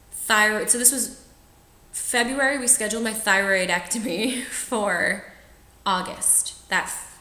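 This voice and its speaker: A woman's voice: mid-range voice, pushed and bright, echoey room. A woman in her twenties, a trained singer, telling a personal story to camera in a chatty, frank way and laughing often. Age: 20s. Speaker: vlogger sharing personal experience.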